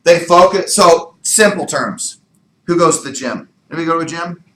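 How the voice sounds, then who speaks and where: A man giving an energetic, emphatic motivational training talk in a meeting room, firing rhetorical questions at the room. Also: on the high side, moderate pace, reverberant, a little hiss or hum, rough recording. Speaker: real estate sales trainer.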